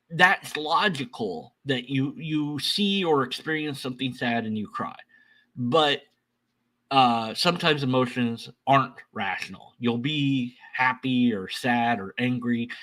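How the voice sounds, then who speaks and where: Bright-voiced man rambling through commentary. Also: medium pitch, lively intonation, measured pace, low-quality recording. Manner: rambling, many restarts and asides. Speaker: reaction commentator. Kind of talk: casual reaction commentary.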